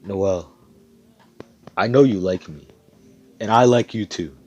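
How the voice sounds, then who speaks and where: A man's voice: fairly low pitch, slow pace, a little mellow, highs cut off. A guy doing a blunt, foul-mouthed young hero. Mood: tender. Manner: blunt, profane, confrontational. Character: brash young male hero, blunt and fierce.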